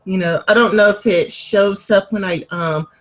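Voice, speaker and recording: A woman's voice: mid-range voice, moderate pace, rough recording. A woman interviewing casually, chatty and loose, filling her talk with "like" and "you know". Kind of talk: casual chat.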